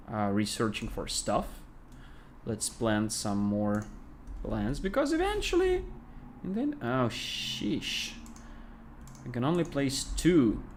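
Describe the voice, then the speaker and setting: A man with a Russian accent, a game developer thinking aloud with many pauses and fillers as he plays on a casual livestream. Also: medium pitch, a little hiss or hum. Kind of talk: casual livestream gameplay commentary.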